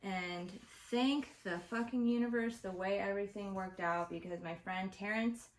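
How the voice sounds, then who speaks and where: A woman's voice: medium pitch, moderate pace, slight background noise. Swearing, ranting woman in an echoey room. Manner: profane, exasperated ranting. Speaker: vlogger host. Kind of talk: casual opinion rant to camera. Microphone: home recording setup.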